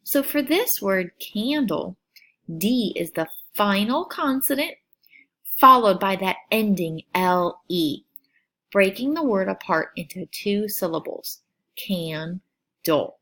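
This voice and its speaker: A woman teacher giving a recorded phonics lesson for children, sounding out syllables with slow, clear over-enunciation. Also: medium pitch, expressive, fairly bright tone.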